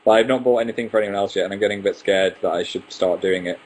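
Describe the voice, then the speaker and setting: A man's voice: lowish voice, racing, darkish tone, rough recording. A man in his twenties hosting a casual live stream, reading out viewer questions and answering them one by one with playful asides. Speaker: livestream host.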